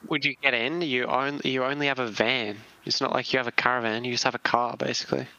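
A man's voice: mid-range voice, steady tone, fast, sharp tone, no echo, poor audio. A man co-hosting a podcast, speaking in a dry, matter-of-fact, teasing way. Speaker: podcast co-host. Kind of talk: casual banter.

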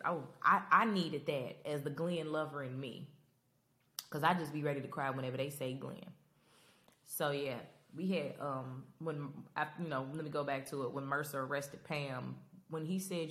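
A woman hosting a podcast, talking casually and emotionally to her listeners in a Black while recapping a TV finale. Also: sits low. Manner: expressive, emotional, rambling, talks to listeners directly. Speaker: podcast host.

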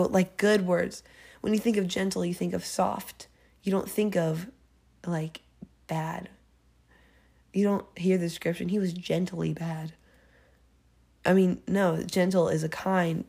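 This faith podcast host, a young woman, has a fairly low, gravelly, dark voice that stays steady and unhurried. She chats earnestly through a devotional episode, correcting herself and using small fillers as her thoughts unfold.

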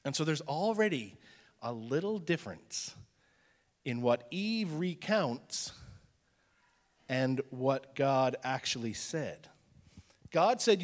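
Higher-voiced pastor preaching in a reverberant hall. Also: male voice. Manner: conversational Bible teaching, drops to a hushed voice for emphasis. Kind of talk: sermon.

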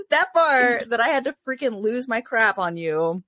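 A woman's voice: a little high, sing-song, normal speed, sharp tone, slight background noise. A young woman co-hosting a casual parenting chat, venting and laughing often. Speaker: podcast co-host.

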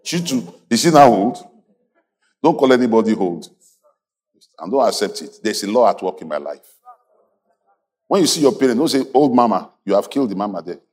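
A man preaching a sermon as a pastor, animated, laughing often and calling on the congregation to repeat after him. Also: on the low side, brisk, pauses often. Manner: animated preaching with call-and-response and frequent laughter.

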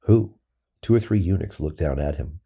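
A man reads scripture aloud at a steady, measured pace. His voice sits very low, with a gravelly, creaky grain. The tone is dark and husky. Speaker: scripture reader. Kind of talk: scripture reading.

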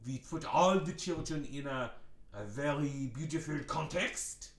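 A man co-hosting a comedy podcast, lecturing in a grandiose deadpan way and ending points with a questioning "yeah?". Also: on the high side, measured pace, roomy sound, distant mic. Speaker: podcast co-host.

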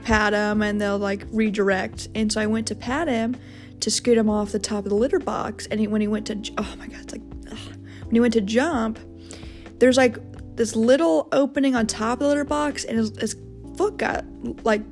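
A young woman hosting her own show, telling a personal story in a rambling, casual way, full of fillers and swearing. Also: on the high side. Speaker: podcast host.

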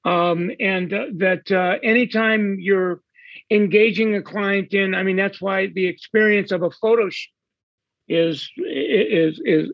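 Man, high voice, slow halting talk, muffled dry sound. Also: dry recording. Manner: hesitant, many fillers and restarts. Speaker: hairstylist guest. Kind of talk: casual podcast chat.

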